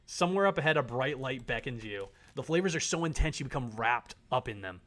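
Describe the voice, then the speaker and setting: A man streaming live, reading a visual novel aloud in a dramatic, animated way and laughing often. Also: medium pitch, fairly quick, hardly any pauses. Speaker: game streamer.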